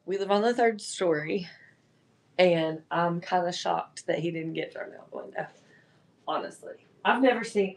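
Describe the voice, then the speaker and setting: Slow-talking chatty woman hosting a live sale. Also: mid-range voice. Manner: chatty, animated storytelling with filler words. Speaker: live-selling host. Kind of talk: casual livestream chat.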